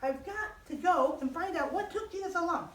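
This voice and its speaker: A woman doing an anxious young sister with a high, urgent, pleading voice. It is heard from a distance in an echoey room. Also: expressive, normal speed.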